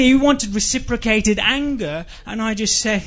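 A man with an English accent tells a comic monologue in a dry, rambling, self-deprecating way, now and then bursting into shouts. His voice sits high for a man. The recording is dull and lo-fi. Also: normal speed, hardly any pauses. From England.

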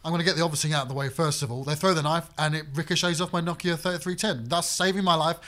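A man's voice: a little high, steady tone, rapid-fire, sharp tone. A man improvising a comic story, cheeky and confident. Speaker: comedy game player.

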